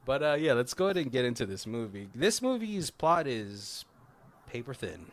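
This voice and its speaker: A man's voice: mid-range voice, big pitch swings, normal speed, a little hiss or hum. A man hosting a podcast, chatting casually about a film in loose, run-on bursts and laughing often. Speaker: podcast host. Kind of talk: casual chat reviewing a film.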